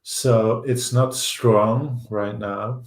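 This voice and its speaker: A man with a Dutch accent hosting a live stock market show, thinking aloud over charts with halting fillers. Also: medium pitch, steady tone, gravelly, echoey room. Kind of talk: live trading chart commentary.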